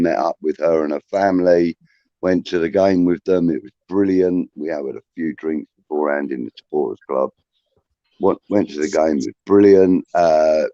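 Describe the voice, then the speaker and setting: A man's voice: low voice, mellow, dry recording. A man near sixty with a Liverpool accent, hosting a casual video-call chat and telling a rambling, sweary story full of restarts. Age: 50s. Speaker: host. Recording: dull lo-fi sound.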